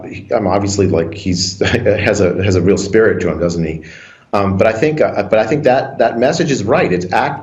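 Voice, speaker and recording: A man's voice: lowish voice, darkish tone, highs cut off. A man appearing as a doctor guest in a TV interview, talking hesitantly and restarting often.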